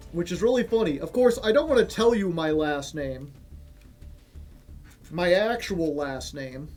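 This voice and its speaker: A man's voice: high voice, darkish tone. A young man streaming a card game, chatting casually and rambling through joking stories with frequent laughs. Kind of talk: casual chat while playing a card game.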